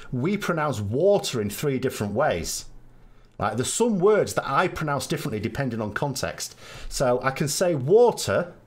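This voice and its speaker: A man with a South Yorkshire accent hosting a live stream, chatting in a rambling way with wry asides. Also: mid-range voice. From England. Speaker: podcast host. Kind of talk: live stream chat answering viewers.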